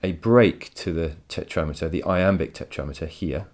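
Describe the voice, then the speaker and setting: A man's voice: low-pitched, moderate pace, a little mellow. A male teacher giving a recorded poetry lesson from home, enthusiastic and explanatory, often repeating words as he thinks.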